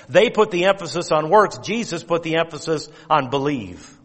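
A male pastor preaching a sermon with emphatic, drawn-out stress on key words and quotes of King James scripture. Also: a little high, animated. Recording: long reverb of a church hall.

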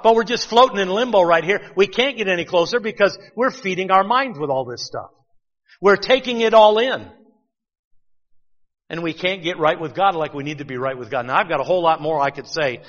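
Male preacher, chatty sermon delivery full of rhetorical questions, slightly high voice, muffled recording. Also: fairly bright tone, long reverb tail.

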